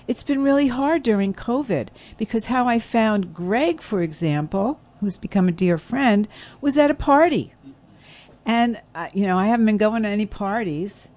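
A woman's voice: medium pitch, a little mellow. A woman hosting a local radio show, chatting casually as a guest and telling anecdotes with easy laughter. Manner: chatty storyteller, laughs easily. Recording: broadcast radio studio.

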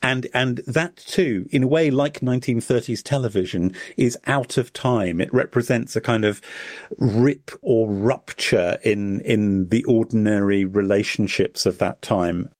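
A man's voice: on the low side, a little slow, darkish tone, no room sound, clean studio sound. A man, the author being interviewed, talking reflectively and searching for words. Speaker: author guest. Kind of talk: thoughtful interview talk.

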